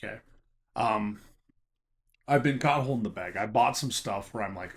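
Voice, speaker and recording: A man's voice: fairly low pitch, normal speed, long pauses. Chatty emphatic man giving hobby advice. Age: adult teaching a college class. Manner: chatty, emphatic, frequent "okay?" asides. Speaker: Pokémon card collector and seller. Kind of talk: casual talking-to-camera advice.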